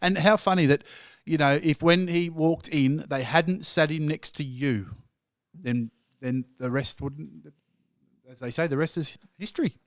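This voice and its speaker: A man's voice: on the high side, measured pace, dry recording, clean studio sound. A man hosting a casual interview, joking and encouraging his guests along. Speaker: host.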